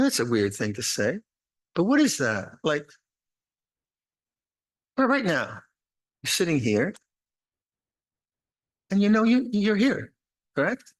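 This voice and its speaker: The speaker is an older man, a monastic teacher, whose medium-pitched voice carries a calm, reflective dharma talk in a retreat meditation hall. He frequently begins phrases again, offers meditation instructions, and lightens things with gentle humor.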